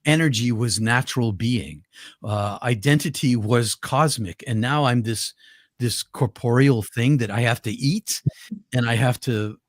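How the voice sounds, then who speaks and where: A man's voice: medium pitch, a little slow, no echo, studio quality. Earnest older man telling his story. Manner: earnest, vivid, with many restarts and repeated words. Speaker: guest. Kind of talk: personal storytelling in an interview.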